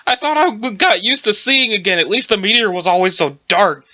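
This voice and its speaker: A man voicing a hungover, sarcastic young alien girl, with a drowsy, pained, slow whine. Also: sits high, bright, forceful tone, dull audio. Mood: groggy.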